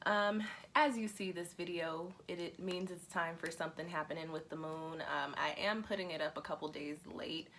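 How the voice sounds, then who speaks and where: A woman's voice: fairly low pitch, fairly even intonation, moderate pace, few pauses, fairly bright tone, a little hiss or hum. A woman hosting her astrology and tarot channel, talking in a chatty, emotional way with frequent laughs and fillers. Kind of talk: casual vlog explanation.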